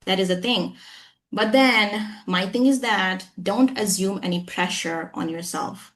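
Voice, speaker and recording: Animated woman with acquired American accent. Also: medium pitch, measured pace. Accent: American-style accent, acquired. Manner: animated, emphatic, frequent "you know what I'm saying". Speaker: guest English trainer. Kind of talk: conversational interview.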